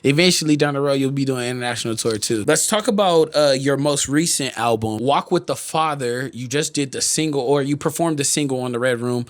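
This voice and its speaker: A man's voice: medium pitch, brisk, few pauses. Easygoing male interview host. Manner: easygoing, frequent affirming backchannels. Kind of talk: casual interview questions. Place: studio.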